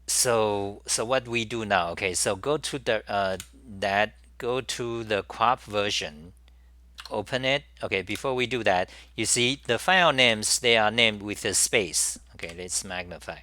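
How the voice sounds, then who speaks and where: A man walks through a live software demo, speaking slowly and stopping often to restart and repeat himself. His voice sits a little low but comes across bright and forward. The recording is dry, with no room sound. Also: no echo. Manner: halting, repeats words and restarts while working. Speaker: programming tutorial host.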